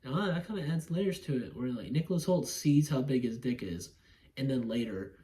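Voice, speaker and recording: A man's voice: medium pitch, lively intonation, normal speed, dark tone. A man rambling through a casual movie review at home, swearing freely, laughing, acting out scenes, and yawning now and then. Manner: rambling, profane, laughs often, acts out scenes. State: yawning, drowsy.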